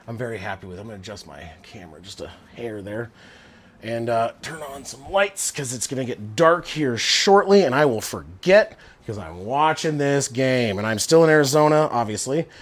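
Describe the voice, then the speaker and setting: A man's voice: mid-range voice, animated, normal speed. Chatty man live-streaming football. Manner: chatty, rambling, many fillers. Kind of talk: casual live-stream chat. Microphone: Bluetooth headset.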